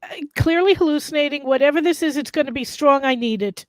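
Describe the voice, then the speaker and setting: A woman with a high voice playing in a tabletop game, throwing in quick, chatty remarks. The sound is dry and close. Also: no echo. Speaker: player. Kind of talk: casual play talk.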